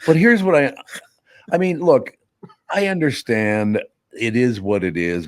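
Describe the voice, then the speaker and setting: A man's voice: medium pitch, a little slow, dry recording, clean studio sound. A man hosting a casual talk radio show, rambling and incredulous, reading an ad in his own voice. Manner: rambling, incredulous, mock accents for jokes. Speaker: radio host. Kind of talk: casual talk radio banter and live ad read.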